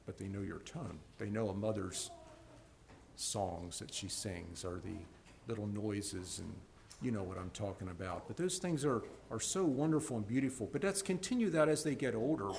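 This sermon comes from a man with lively intonation and normal speed, his voice showing vocal fry against a little hiss or hum. He swings between emphatic loudness and soft lows, restarting often with repeated words.

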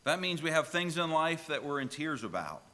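A pastor preaching a sermon, telling a children's story with lively, emphatic delivery. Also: male voice, a little high, normal speed, long reverb tail.

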